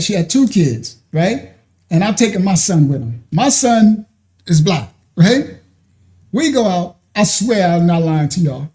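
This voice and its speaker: A man telling a personal story in a casual way, animated and often laughing. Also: sits high. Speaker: ministry speaker.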